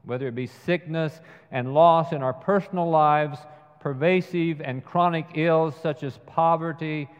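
A man preaching a sermon, retelling a film scene slowly and measuredly. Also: on the high side, fairly even intonation, smooth. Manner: slow, measured storytelling with acted quotes. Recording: dull sound with long hall reverb.

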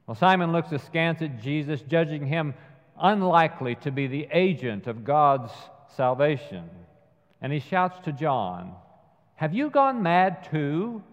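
A man preaching a sermon, retelling a film scene slowly and measuredly. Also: a little high, animated. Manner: slow, measured storytelling with acted quotes. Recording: dull sound with long hall reverb.

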